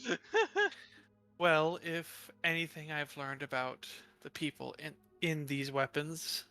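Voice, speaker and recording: A man talks softly and unhurriedly as his character in a tabletop game, his voice on the bright, higher side. He sounds polite and careful, and faint music plays behind him. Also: fairly even intonation. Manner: quiet, measured, polite. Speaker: player.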